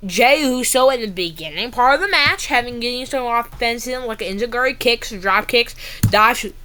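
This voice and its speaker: A woman giving a casual, excitable wrestling recap, ranting and saying "bro" a lot. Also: fairly high pitch, moderate pace.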